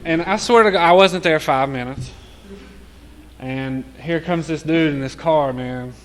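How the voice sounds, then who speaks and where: A man's voice: fairly high pitch, a little slow, fairly bright tone. A man sharing his recovery story in casual, profane storytelling, often laughing as he talks.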